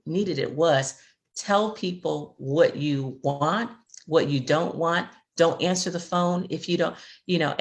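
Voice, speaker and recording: A middle-aged woman co-hosting a faith-based chat, speaking earnestly and reflectively, often repeating words as she finds them. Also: low-pitched. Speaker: podcast co-host and grief expert.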